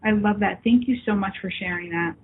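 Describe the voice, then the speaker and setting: Woman host of a live call-in show, affectionate, slightly husky, heard over a tinny line. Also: medium pitch, brisk. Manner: warm, affectionate, calls people love. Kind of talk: live call-in talk with viewers. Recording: phone-like lo-fi line.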